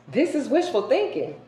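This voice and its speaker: A woman doing a casual tarot card reading for her viewers. She talks colloquially and emphatically, jumping between loud outbursts and hushed asides. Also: sits high. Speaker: tarot reader. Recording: roomy echo with faint background hiss.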